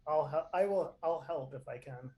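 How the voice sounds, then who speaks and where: A man's voice: fairly high pitch, normal speed, a crowd in the background. A man playing a tabletop game and making joking asides. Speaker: player. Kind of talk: tabletop role-play.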